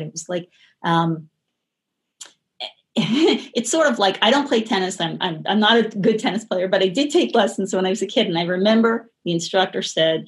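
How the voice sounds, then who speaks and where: A middle-aged woman as an interview guest, talking in a rambling, chatty way with many restarts and light laughter. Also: mid-range voice. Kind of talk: casual interview conversation.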